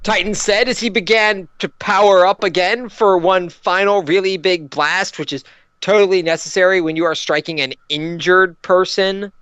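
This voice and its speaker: A man's voice: high voice, steady tone, moderate pace, fairly bright tone, clear, resonant tone, lo-fi sound. A man narrating a story aloud with sarcastic asides. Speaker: narrator and host. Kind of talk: comedic dramatic reading.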